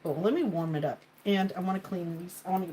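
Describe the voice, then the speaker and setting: A woman's voice: fairly low pitch, quick pace, dark tone, a little hiss or hum, low-quality recording. A woman hosting a casual live-stream cooking chat in her home kitchen, rambling as she talks to viewers and to her ingredients. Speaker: cooking livestream host.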